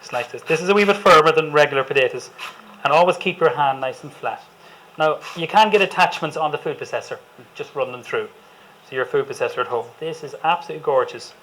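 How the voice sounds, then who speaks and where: An Irish chef gives a live cooking demonstration to an audience, chatty and enthusiastic and joking with them as he goes. His voice is fairly high and a bit bright, he speaks quickly, and the recording is rough.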